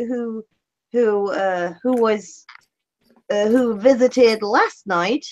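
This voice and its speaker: A woman playing her character in a tabletop game, swearing freely and trading sarcastic jabs. She talks at an unhurried, slow pace. The recording sounds slightly dull and lo-fi. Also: on the high side, a little mellow. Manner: profane, sarcastic banter. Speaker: player. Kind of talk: in-character tabletop role-play.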